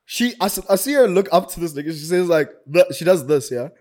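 A young South African man spins a long, animated story in a casual chat, full of slang and free swearing. His voice is high and he talks fast.

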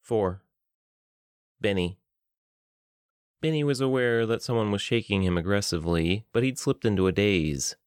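A man narrating an audiobook in a steady, plain storytelling manner. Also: on the low side, moderate pace, long pauses, clear, resonant tone, dry recording, clean studio sound. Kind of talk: scripted narration.

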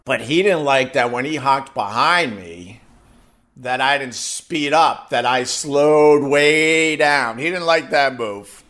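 A man's voice: medium pitch, a little slow. A man telling a casual, profanity-laced story to live viewers, acting out the voices of the people in it. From New York. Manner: animated, acts out quoted voices, swears freely. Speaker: host chatting with live viewers.

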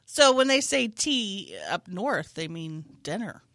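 A woman's voice: mid-range voice, sing-song, slow, a bit bright, dry recording, clean studio sound. A woman co-hosting a casual podcast chat, trading crude jokes and telling stories. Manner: joking, crude banter. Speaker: podcast co-host.

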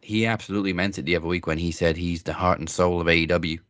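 A man with a low voice talks in a loose, rambling way, stopping and restarting often. He is recorded close and dry. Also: steady tone, fast, a bit bright, dry recording. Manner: rambling, many fillers and restarts. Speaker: podcast co-host. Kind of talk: casual wrestling chat.

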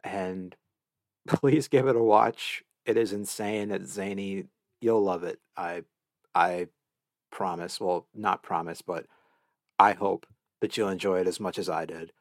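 Guy doing a solo anime podcast, kinda deep voice, super excited, keeps tripping over his words, dry close sound. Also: a little slow, dry recording. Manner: gushing, enthusiastic, repeats words as he restarts. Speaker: podcast host.

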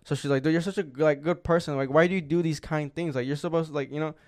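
A man's voice: on the high side, steady tone, quick pace, darkish tone. Young man telling a rambling story. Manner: rambling, profane, heavy filler words. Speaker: podcast co-host. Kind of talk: casual chat, storytelling.

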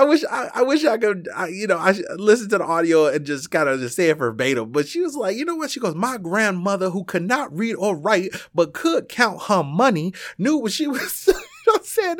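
A man with a stuffy nose from allergies, casually recounting an event with lots of fillers and restarts, growing animated as he goes. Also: mid-range voice, no room sound, studio quality. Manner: rambling, many fillers and restarts; grows excited and animated while retelling. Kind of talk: casual spoken recap.

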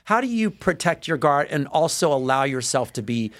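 A man hosting a podcast in casual chat, telling animated stories and acting out what people said. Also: on the high side. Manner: rapid storyteller, acts out voices, many restarts. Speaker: podcast host.

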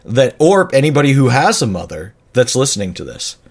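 A man with a mid-range voice co-hosts a podcast, trading easy jokes. His delivery is laid-back but his pitch moves freely. He sounds playful and unhurried. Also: very animated, breathy edge. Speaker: podcast co-host. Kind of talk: casual chat.

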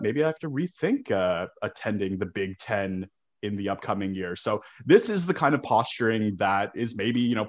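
A man co-hosting a sports podcast, talking casually and often stumbling over the first words of his sentences. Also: medium pitch. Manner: talkative, repeats words when starting sentences. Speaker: podcast co-host.

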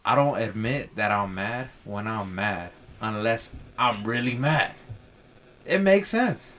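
A man's voice: fairly low pitch, animated, takes it slowly, a bit bright, slight background noise. A man as a podcast guest in casual chat, slangy and playfully argumentative, saying bro a lot.

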